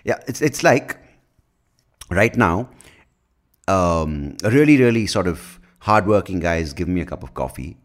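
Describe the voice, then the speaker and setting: A man hosting his own podcast in a casual, rambling monologue, self-mocking, swearing freely and tripping over his words. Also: sits low. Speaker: podcast host.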